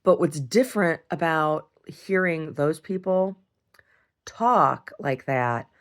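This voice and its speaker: A woman's voice: sits low, takes it slowly. A woman talking casually in a video diary, rambling and often repeating words and restarting sentences. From United States. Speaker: video diarist.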